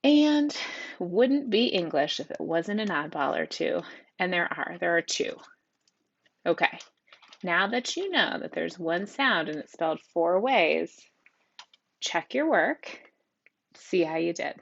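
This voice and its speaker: A woman's voice: lowish voice, animated, unhurried, creaky, fairly bright tone. A woman teacher giving an upbeat, encouraging spelling lesson to children, on a dull lo-fi home recording. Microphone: tablet microphone.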